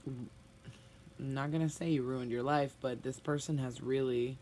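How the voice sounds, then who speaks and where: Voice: medium pitch, fairly even intonation, normal speed, warm tone, a little hiss or hum. A tarot reader giving a spoken reading to viewers, blunt and emphatic, often sighing and sympathetic.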